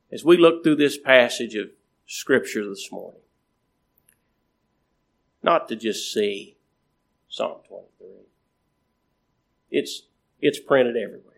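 Here a preacher with a gravelly, mid-range voice moves through his sermon slowly and repetitively. He pushes certain words upward for emphasis and lets the ends of phrases fade away softly.

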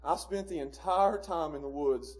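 High-voiced pastor preaching emphatically. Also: male voice, normal speed. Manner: swings between quiet low stretches and loud emphatic peaks, with chuckles. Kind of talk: sermon. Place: church sanctuary.

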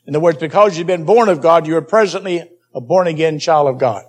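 A man's voice: a little high, fast talker. A man preaching a Bible teaching sermon, emphatic and repeating key phrases for stress.

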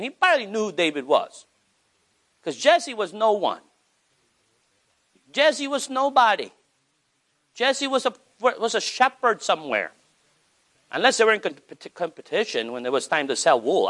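A male pastor preaching with animated energy, his voice sitting a little high for a man. He swings up and down in pitch as he drives his points home, slowing down to stress key words. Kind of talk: sermon.

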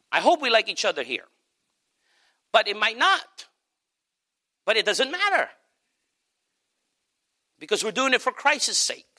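A man's voice: sits high, sharp tone. A middle-aged male pastor preaching a sermon, stressing points with emphatic repetition.

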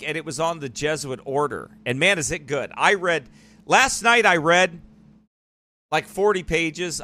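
A man's voice: on the high side, bright, forceful tone. A man hosting a live church online broadcast, talking in a rambling, digressive way in casual commentary. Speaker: church livestream host.

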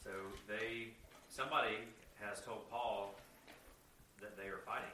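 A man's voice: fairly low pitch, fairly even intonation, unhurried, bright, forceful tone, echoey room, far from the mic, slight background noise. A man in the congregation reading a verse, then explaining it a little hesitantly.

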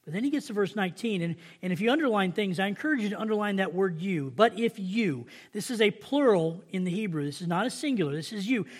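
Southern male preacher with a high voice, slow emphatic scripture reading, easy asides to his congregation. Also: animated. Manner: reads scripture slowly and emphatically, then chats with the congregation. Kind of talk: sermon.

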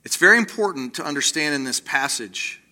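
A man preaching a sermon, animated, acting out the voices he quotes and slowing to quiet emphasis on key lines. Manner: animated, acts out quoted voices with rising pitch. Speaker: pastor.

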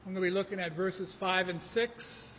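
A man preaching a sermon, measured and emphatic in delivery. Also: high voice, fairly even intonation, a bit bright, a little hiss or hum. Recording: dull lo-fi audio in a reverberant hall.

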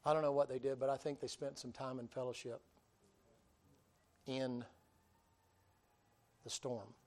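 A man preaching a storytelling sermon in a folksy, humorous way, swinging between loud and quiet delivery. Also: mid-range voice, flat delivery, measured pace.

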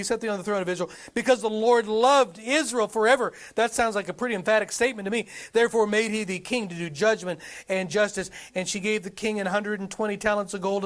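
A man with a high voice delivers a sermon to his congregation. He reads scripture aloud and keeps firing rhetorical questions at his listeners in an animated way. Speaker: preacher.

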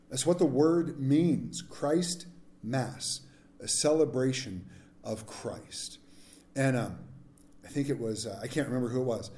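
Joking pastor with a mellow voice. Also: male voice, medium pitch. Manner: jokey, animated preaching with asides. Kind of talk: sermon.

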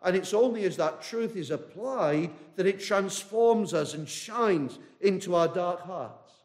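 Male pastor, high voice, earnest sermon delivery with repeated phrases. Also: animated, measured pace, darkish tone. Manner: earnest, repetitive preaching, addresses listener directly.

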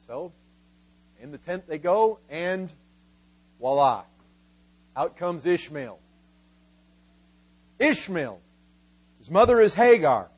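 A man preaching a sermon with emphatic delivery, slowing down to stress key words. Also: a little high, sing-song, darkish tone, husky, rough recording. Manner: emphatic, voices biblical figures in quotes, slows for key words.

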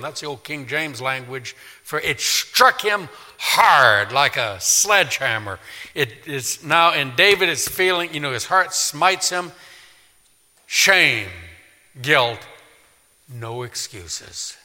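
A male pastor preaching a storytelling sermon in a church, swinging dramatically from loud to hushed. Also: on the high side. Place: church sanctuary. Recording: long church reverb.

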